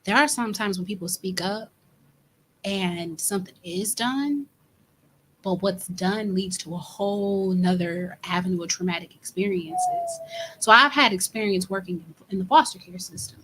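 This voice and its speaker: A woman's voice: mid-range voice, big pitch swings, moderate pace, fairly bright tone, a little hiss or hum, rough recording. Thoughtful woman in casual podcast talk. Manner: thoughtful, affirming with short interjections. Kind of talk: casual conversation.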